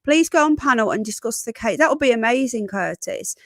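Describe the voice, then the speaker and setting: A woman hosting a casual live stream, a bit croaky, chatting and greeting viewers by name with endearments like darling and sweetheart. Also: a little high, expressive, a little fast, dry recording, studio quality. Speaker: livestream host.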